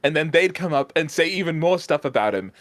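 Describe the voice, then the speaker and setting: A man's voice: a little high, animated, a little fast, fairly bright tone, dry recording. A man with a British accent, a guest on a stream, telling a story in casual chat with many restarts and laughs.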